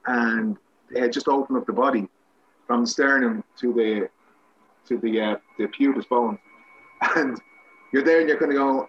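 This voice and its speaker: A man's voice: mid-range voice, moderate pace, pauses often, fairly bright tone, breathy edge, highs cut off. An Irish man, a guest actor, telling rambling, self-mocking anecdotes with many restarts in a casual interview.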